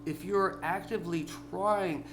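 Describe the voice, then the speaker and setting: A tipsy man delivering a rambling, profane vlog rant that bursts into yelling. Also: high voice, measured pace, background noise. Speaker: vlogger. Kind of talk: ranting vlog monologue.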